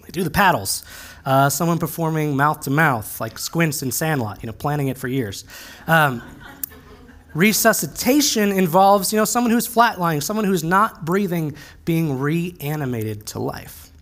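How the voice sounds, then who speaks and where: A male pastor giving a conversational, earnest sermon, slowing down to stress key phrases. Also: fairly high pitch, lively intonation, fairly bright tone.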